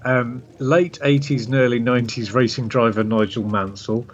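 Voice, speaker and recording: A man co-hosts a relaxed podcast, reading out listener letters and stumbling over his words with repeated restarts. His voice sits at a middling pitch. The recording sounds a touch muffled, with faint background hiss. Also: normal speed. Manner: hesitant, with many restarts. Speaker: podcast co-host. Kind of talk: casual chat, reading listener messages. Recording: slightly dull sound with faint noise.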